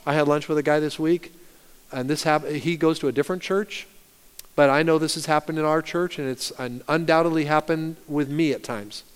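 Pastor, male, sermon delivery, smooth resonant voice, fairly high, swings loud to soft, reverberant church hall. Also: brisk. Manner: animated storytelling, rising loud and dropping soft. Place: church sanctuary.

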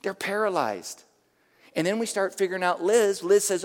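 A middle-aged male pastor from the San Francisco area, preaching a sermon with lively personal stories in a church. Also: high-pitched, fairly quick. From San Francisco area, USA. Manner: animated, emphatic storyteller. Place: church sanctuary. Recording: reverberant church hall.

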